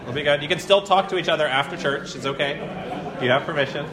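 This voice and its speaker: A man's voice: fairly high pitch, fast talker, roomy sound, crowd noise. A man preaching a conversational sermon to his congregation, telling a story and acting out the quoted voices. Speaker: pastor. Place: church sanctuary.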